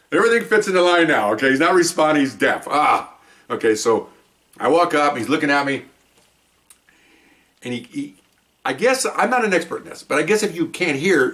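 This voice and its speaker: A man casually telling a rambling police story, acting out the people in it with sudden jumps in his voice. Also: recorded from a distance. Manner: rambling, animated, acts out voices with big pitch jumps. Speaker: retired police officer telling stories.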